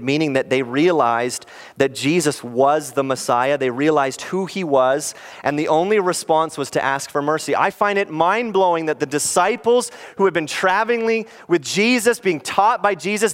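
A man preaching as a pastor in an earnest, animated sermon, often acting out quoted lines. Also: fairly high pitch, moderate pace, smooth.

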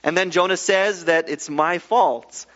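A man preaching a sermon, reading scripture aloud and then explaining it with lively, casual asides. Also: high-pitched, measured pace. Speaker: pastor. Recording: muffled echoey hall.

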